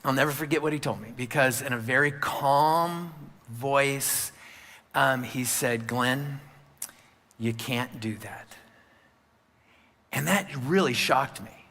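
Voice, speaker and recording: A man's voice: mid-range voice, measured pace, sharp tone. A male pastor giving a sermon, telling a personal story in a candid, conversational way with frequent fillers. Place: church sanctuary. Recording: long church hall reverb.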